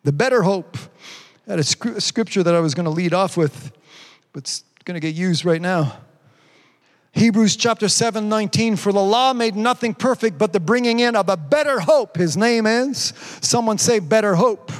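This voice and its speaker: A man's voice: sits high, normal speed, long reverb tail. A man preaching a sermon as pastor, calling out to the congregation and asking rhetorical questions. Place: church.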